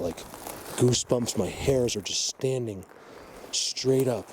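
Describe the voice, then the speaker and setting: A man filming an outdoor vlog, talking excitedly in a rambling way, stumbling over and repeating his words into a handheld camera mic. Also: mid-range voice, slow pace. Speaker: outdoor vlogger. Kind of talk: walking vlog commentary. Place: outdoors in wild country. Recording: outdoor noise behind.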